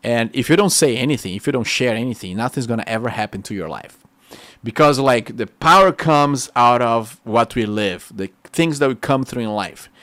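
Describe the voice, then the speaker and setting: Brazilian accented guy preaching his testimony, excitable and animated, mid pitch, dry recording. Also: moderate pace, dry recording. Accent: Brazilian Portuguese. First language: Portuguese. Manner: excitable, animated storytelling with quoted dialogue. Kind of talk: testimony sermon.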